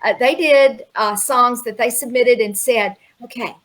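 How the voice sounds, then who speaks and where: A woman hosts a live music show with a slightly high voice, chatting in a relaxed, unhurried way as she introduces the next acts. She sounds friendly and chatty. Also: rough recording. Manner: friendly, chatty, laughs easily. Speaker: show host. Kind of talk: casual chat introducing performers.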